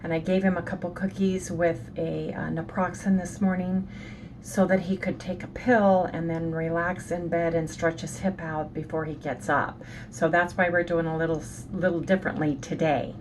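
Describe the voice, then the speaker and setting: Middle-aged woman, upbeat casual vlogger talking to viewers, low-pitched, phone mic with noise behind. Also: level tone, moderate pace. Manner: upbeat, talks straight to viewers. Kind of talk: casual chatty vlog. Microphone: handheld phone.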